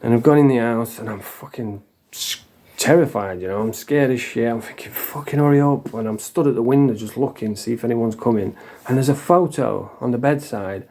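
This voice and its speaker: A middle-aged English vlogger tells his own story casually, in a blunt, sweary, confessional manner. His voice is medium-pitched and mellow, and he talks fairly quickly.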